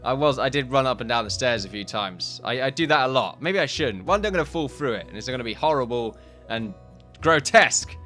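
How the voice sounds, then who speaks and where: A man's voice: medium pitch, fairly bright tone. Rambling man, slightly out of breath. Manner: rambling, self-correcting, laughs often. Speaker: gaming video host. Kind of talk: casual commentary over a time-lapse.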